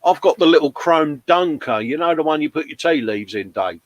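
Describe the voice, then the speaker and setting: A man's voice: a little high, expressive, fairly quick, dry recording, muffled recording. A British man in his fifties, co-hosting a casual livestream chat, jokey and matey as he reads out viewer comments. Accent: British English. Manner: chatty, jokey, says "mate" a lot. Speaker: livestream co-host.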